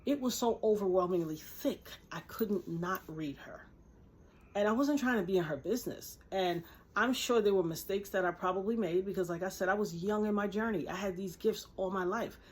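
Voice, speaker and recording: Speaking to camera indoors, a woman vlogger tells a personal story in a mid-range, slightly rough voice at normal speed. She is earnest and emphatic, acting out the voices she quotes.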